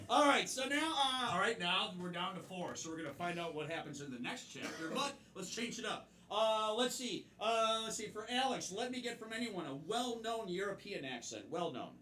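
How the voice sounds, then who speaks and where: Energetic high-voiced male improv host. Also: moderate pace, a little hiss or hum. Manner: energetic, laughing, calls out to the audience. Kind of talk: live comedy hosting. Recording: roomy stage sound from far off.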